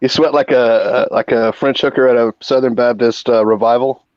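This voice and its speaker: A man's voice: medium pitch, steady tone, moderate pace, darkish tone, no room sound. Wisecracking man on a muffled line. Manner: wisecracking, swears. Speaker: guest. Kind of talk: casual livestream chat.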